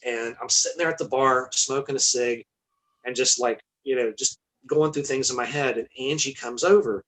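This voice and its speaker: A man's voice: medium pitch, steady tone, moderate pace, a bit bright, poor audio. A man, a guest musician, telling a story in casual chat, candid and swearing freely.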